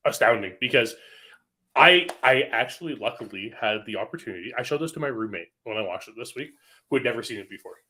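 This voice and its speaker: Bright, enthusiastic young man. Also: mid-range voice, lively intonation, fast talker. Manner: enthusiastic, quotes others in voices. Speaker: podcast co-host. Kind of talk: casual movie chat.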